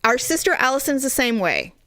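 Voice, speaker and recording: A woman co-hosting a podcast, telling a story in an animated, frank way with casual swearing. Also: sits high, a little fast, no echo, studio quality. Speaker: podcast co-host. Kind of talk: casual chat.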